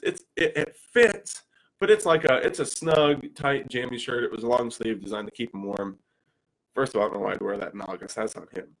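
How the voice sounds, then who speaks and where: A man, telling personal stories as a father in an animated way, with frequent restarts. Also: medium pitch, poor audio. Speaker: speaker and father. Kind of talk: personal storytelling talk.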